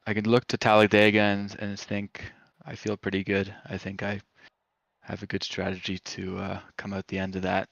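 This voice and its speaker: A man's voice: lowish voice, fairly bright tone, no room sound. A man from Canada giving a post-race interview as a driver, hesitant and full of fillers, over voice chat. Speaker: racing driver being interviewed. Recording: dull, lo-fi voice chat.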